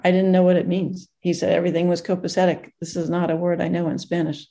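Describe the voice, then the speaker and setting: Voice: medium pitch, monotone, fast, vocal fry, mellow, natural voice. Earnest mother telling her son's story, as a reader voices her. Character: mother of a transplant recipient.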